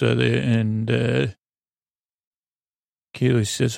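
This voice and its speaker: A man hosting a podcast, recapping a TV episode in a slow, low-key way for sleep listening, hesitant and full of filler pauses. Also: little pitch movement, creaky, darkish tone, no echo, studio quality.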